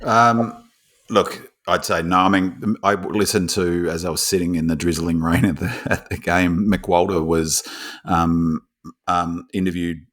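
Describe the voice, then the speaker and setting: Casting: very low-voiced Australian bloke, chatty podcast co-host who rambles and gets lively telling stories. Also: male voice, measured pace. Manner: rambling, lots of restarts, animated when telling stories. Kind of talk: casual chat.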